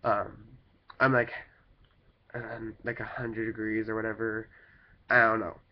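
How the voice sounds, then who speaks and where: A man's voice: lowish voice, completely flat delivery, unhurried. A young man talking about his life in a casual vlog while sick with a cold, rambling with lots of "like" and "kinda thing" fillers. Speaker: vlogger. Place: at home. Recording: dull lo-fi home recording.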